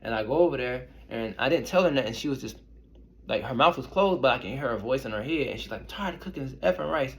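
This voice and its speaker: A man's voice: mid-range voice, lively intonation, fast talker. A young man, an intuitive reader, casually telling personal stories to his viewers in a rambling, conversational way. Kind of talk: casual storytelling to camera.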